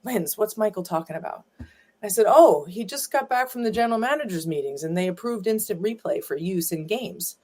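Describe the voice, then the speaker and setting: A woman's voice: medium pitch, lively intonation, brisk, few pauses, darkish tone. A woman being interviewed, telling family stories in a chatty, rambling way with many fillers and restarts. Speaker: guest, granddaughter of a former ballplayer. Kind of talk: casual storytelling interview.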